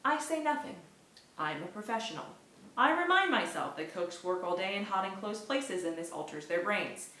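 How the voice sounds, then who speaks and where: A woman reads a novel aloud in lively first-person narration, her voice bright and forward. The room gives the voice a clear echo. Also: on the low side, normal speed. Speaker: book reader. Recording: echoey room.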